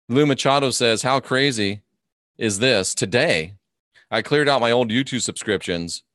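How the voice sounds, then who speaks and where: A man's voice: medium pitch, a bit bright, no room sound, clean studio sound. A man hosting a live stream, ranting and mocking his opponents while reading viewer comments aloud. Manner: mocking, combative, reads chat comments aloud.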